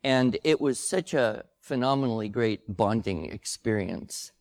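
A man's voice: mid-range voice, expressive, unhurried, no echo. Older man chatting in a dry room. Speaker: co-host. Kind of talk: casual conversation before a live audience.

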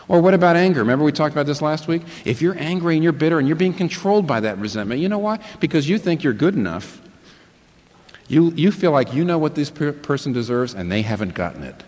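A pastor preaching a sermon, asking rhetorical questions and building up emphasis. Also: male voice, fairly high pitch, expressive, brisk, a little mellow, long reverb tail.

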